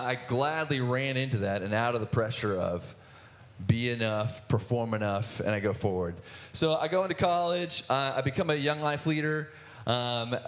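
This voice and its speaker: A young man in his twenties telling his personal testimony in church, earnest, with many restarts and filler words. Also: medium pitch. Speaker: guest speaker sharing testimony.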